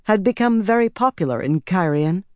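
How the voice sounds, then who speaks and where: A woman narrating a story in an audiobook, reading calmly and evenly. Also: mid-range voice, normal speed, no echo, studio quality. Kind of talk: scripted narration.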